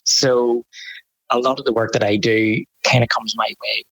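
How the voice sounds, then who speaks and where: Northern Irish photographer, husky gravel voice, rambling and animated. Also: male voice, mid-range voice, moderate pace, no room sound, poor audio. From Northern Ireland. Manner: rambling, animated storytelling with frequent restarts. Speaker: photographer guest. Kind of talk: casual interview chat.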